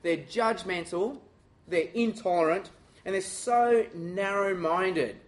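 A high-voiced Australian man giving a sermon. He talks in a lively, self-mocking and direct way as he leads his listeners through the questions. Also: slow. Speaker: preacher.

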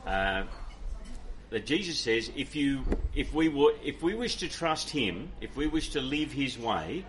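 A man from Ireland gives a sermon and takes questions, speaking earnestly and conversationally, often pausing on fillers and restarting his phrases. His voice sits at an ordinary middle pitch. A faint background noise sits under the recording. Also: sing-song. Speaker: pastor.

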